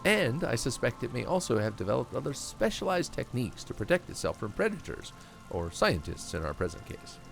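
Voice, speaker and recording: A man's voice: medium pitch, very animated, fairly quick, vocal fry, soft background music, voice pushed up. A man voicing an earnest male cryptozoologist, lecturing in a raised, eager voice.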